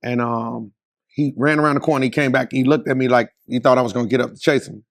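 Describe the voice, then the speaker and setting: A man's voice: mid-range voice, fast, dry recording, studio quality. A middle-aged man, a podcast guest, telling his own story in casual, slangy talk and acting out what people said. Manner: animated storyteller, slangy, acts out quotes. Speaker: podcast guest, cycling specialist.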